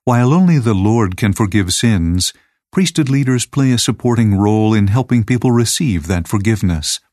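A man reading aloud a teacher's lesson manual in a measured, even, scripted way. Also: lowish voice, no echo, studio quality.

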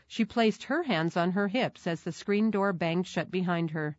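Woman narrator for a children's story, low voice, measured delivery, dull, dry recording. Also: dry recording.

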